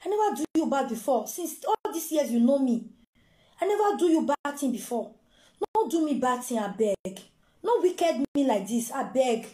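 A woman's voice: sits high, very animated, moderate pace, mellow, roomy sound. A woman with a Nigerian Pidgin accent voicing a desperate woman who begs tearfully for her children. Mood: pleading. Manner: pleading, tearful.

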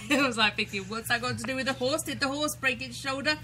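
A British woman co-hosting a radio show, teasing and giggling through the chat, a little away from the mic. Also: high voice. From Britain. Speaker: radio co-host. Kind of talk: casual chat.

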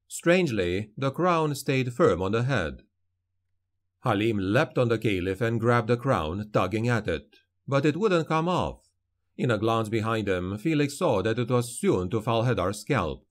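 A man narrating a fantasy audiobook in a dramatic, measured storytelling manner. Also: medium pitch.

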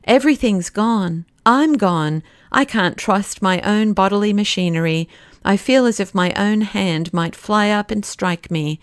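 A woman's voice: medium pitch, measured pace, no room sound, studio quality, natural voice. Woman voicing a shaken old professor. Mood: despairing. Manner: despairing, weary. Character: shaken elderly male professor.

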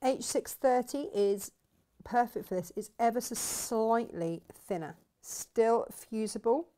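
Speaking slowly in a slightly high, dark voice, a woman demonstrates sewing live for a craft shop. She's enthusiastic and talkative, musing aloud as she works.

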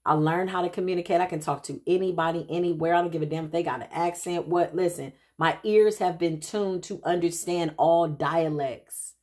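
A woman with a slightly low voice gives an informal spiritual reading to her audience. She tells stories in a lively, chatty way, with quick asides and restarts, and keeps calling her listeners child and honey. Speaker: intuitive spiritual reader. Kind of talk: casual spiritual reading monologue.

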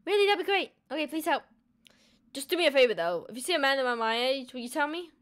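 A woman's voice: sits high, expressive, fast, fairly bright tone. A woman voicing a young girl in a horror game who is searching a hotel and asks for help.

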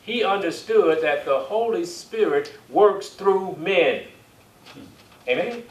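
A man's voice: high voice, lively intonation, slow pace. A man preaching a sermon, reading scripture aloud and drawing amens from his congregation. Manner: call-and-response, asks the congregation for amens; reads scripture aloud in King James wording. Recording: echoey church hall, distant mic, faint hiss.

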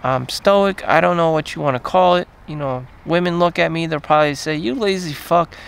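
A man vlogging in a rambling, profane monologue full of fillers and trailing pauses. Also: fairly high pitch, vocal fry, clear, resonant tone.

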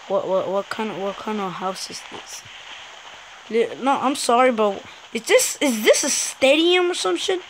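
Excitable swearing woman gamer, clicks behind. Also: on the high side, measured pace, a little hiss or hum, poor audio. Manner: excitable, swears, yelps and mutters at the game. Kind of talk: let's play commentary.

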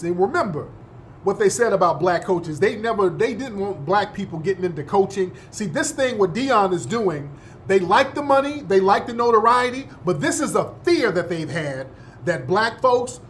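A man's voice: high-pitched, fairly bright tone, a little hiss or hum. A man hosting a talk show, delivering an emphatic monologue and often checking in with listeners. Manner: emphatic, repeats points and asks listeners "yeah?". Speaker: host.

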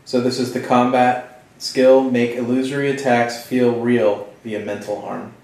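Slow male player, very echoey. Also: mid-range voice, little pitch movement, vocal fry. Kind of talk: casual tabletop game talk. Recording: very echoey room from far off with noise.

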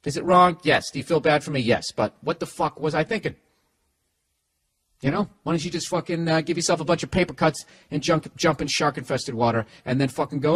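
A man's voice: on the high side, animated, a little fast, fairly bright tone, slightly rough, no echo. A middle-aged man with a Boston accent, rambling through a profane, sarcastic comic monologue as a podcast host. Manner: profane, sarcastic, talks to his dog.

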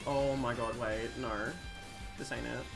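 A young woman in her twenties streaming a game, swinging from low muttered commentary to shrieking apologies. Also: steady tone, measured pace, vocal fry, music in the background. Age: 20s. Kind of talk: live gameplay commentary.

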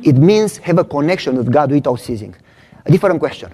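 Mellow-voiced preacher answering questions. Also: male voice, a little high, lively intonation. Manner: emphatic teaching, repeats key lines slowly. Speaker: pastor. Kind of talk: sermon Q&A with audience.

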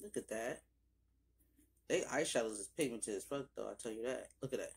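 A young woman filming a casual makeup haul, talking straight to her viewers with loose slang and cursing, and breaking into sudden high exclamations. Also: animated, brisk, vocal fry, slightly rough. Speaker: beauty vlogger.

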